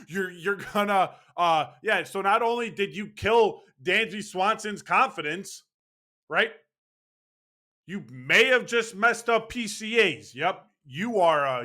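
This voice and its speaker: High, bright-voiced ranting man. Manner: angry, sarcastic, swearing ranting. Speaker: baseball fan commentator. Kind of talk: ranting sports commentary.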